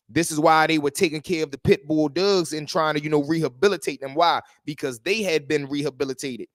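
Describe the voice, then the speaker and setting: A man hosts a livestream, telling street stories and commenting in a lively, repetitive street-talk manner. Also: on the high side, no room sound, studio quality. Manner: animated street talk, repeating phrases. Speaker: host.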